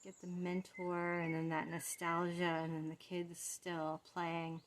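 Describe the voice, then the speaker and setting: A soft-spoken woman talks through a tarot deck card by card in a casual, fond way. Her voice sits a little low and she takes her time. A faint hum of background noise runs under her. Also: monotone, measured pace.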